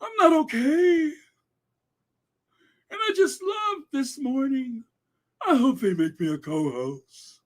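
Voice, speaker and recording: A man doing a mocking falsetto impression of a sobbing, overwrought woman TV presenter. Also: big pitch swings, slow, pauses often, full character voice. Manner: wailing, tearful falsetto mockery.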